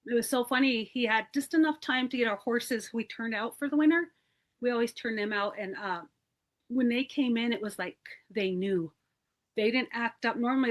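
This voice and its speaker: A woman's voice: on the high side, a bit bright. A woman from a search and rescue team, telling her story in a plain-spoken, rambling way with many fillers over a video call. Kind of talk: personal storytelling in an interview.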